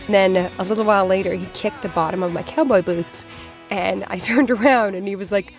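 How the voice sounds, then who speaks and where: A woman in her thirties from Boston, telling a personal story in a chatty, animated way, full of "like" fillers. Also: medium pitch, brisk, faint music behind. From Boston, USA. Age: 30s.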